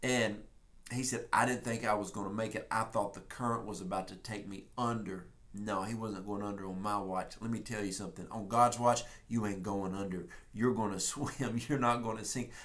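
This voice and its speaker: A man's voice: lowish voice, steady tone, a bit bright. A man with a Texan accent preaching a prophetic message in an emphatic, folksy way, sometimes telling stories. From Texas. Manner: folksy and emphatic, speeds up and slows down. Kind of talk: prophetic sermon, casual storytelling.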